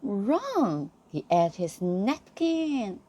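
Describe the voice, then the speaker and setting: A woman reading a bedtime story aloud to a friend, slow and expressive. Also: mid-range voice.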